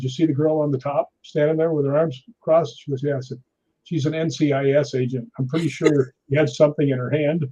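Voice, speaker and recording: A middle-aged man telling a story in an interview, animated and acting out quoted lines. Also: fairly high pitch, slightly rough. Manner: animated anecdote teller, acts out quotes. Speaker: stunt performer guest. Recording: dull lo-fi audio.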